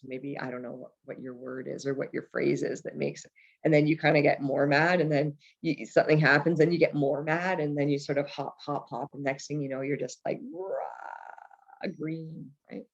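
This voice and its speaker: A woman's voice: deep voice, flat delivery, brisk, creaky. A woman therapist giving a casual, chatty talk over slides. She often checks in with the listener by asking "right?". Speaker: trauma therapist. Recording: dull lo-fi recording.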